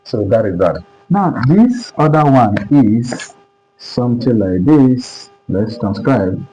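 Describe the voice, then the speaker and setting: A man's voice: mid-range voice, animated, slow pace, warm tone. A man from Nigeria teaching English pronunciation in a lesson, repeating example words and often asking if the listeners understand. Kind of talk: classroom lesson. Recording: dull lo-fi recording, faint music.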